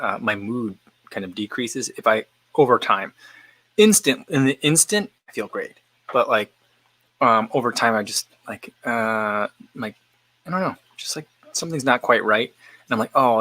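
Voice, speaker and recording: Male host, mid pitch, bright tone, loose live-stream chat, thinks aloud and wanders between answers. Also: dry recording, poor audio. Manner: rambling, thinks aloud while answering viewers. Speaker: running channel host. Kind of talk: casual live-stream chat while eating.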